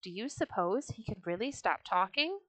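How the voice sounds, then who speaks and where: A woman's voice: medium pitch, very animated, moderate pace. A woman voicing a group of teasing young children in a storybook reading. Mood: jeering. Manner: jeering, mocking.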